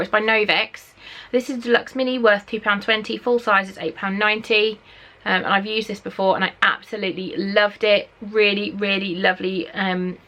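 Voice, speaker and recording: A young English woman from Norfolk chatting excitedly on camera at home, reading out product blurbs as she unboxes them. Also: mid-range voice. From Norfolk, England. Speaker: beauty vlogger. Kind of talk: casual unboxing chat. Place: at home, indoors.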